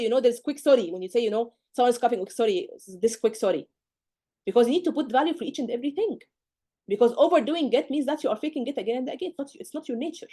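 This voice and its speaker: Brisk, slightly high woman tutor, emphatic, scolding, rhetorical. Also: warm tone. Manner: emphatic, scolding, rhetorical questions, acts out student mistakes. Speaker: medical exam tutor. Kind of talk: live online lecture.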